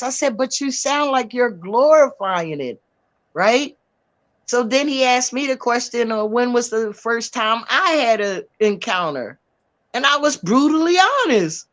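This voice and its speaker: A woman's voice: high voice, a bit bright. A woman speaking bluntly and emphatically on a livestream panel, repeating her points for effect. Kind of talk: heated livestream chat.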